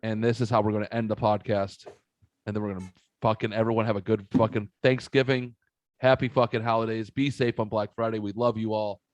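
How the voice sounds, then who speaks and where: A man's voice: fairly low pitch, a little fast, no room sound, highs cut off. A middle-aged man hosting a podcast, telling rowdy stories in casual chat, swearing often and saying dude a lot. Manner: profane, animated storyteller saying dude a lot. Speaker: podcast host.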